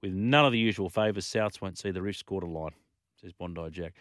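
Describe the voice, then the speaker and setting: A man with an Australian accent hosting a sports talkback radio show, chatty and lively as he reads listener messages and gives scores. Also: low voice, a little fast, clean tone, no room sound, clean studio sound. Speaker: radio sports talk host.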